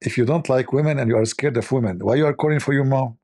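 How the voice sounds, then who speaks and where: A man's voice: medium pitch, fast, darkish tone, no room sound, studio quality. A man hosting a joking commentary who rambles, mocks and thinks aloud into a desk microphone. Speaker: host.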